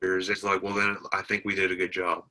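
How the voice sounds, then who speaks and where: A man's voice: low-pitched, completely flat delivery, a little fast, bright, forceful tone, low-quality recording. A man, a military veteran, telling his story in an interview, plainspoken and retelling conversations line by line. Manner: plainspoken, retells dialogue with many "I said". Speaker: veteran guest.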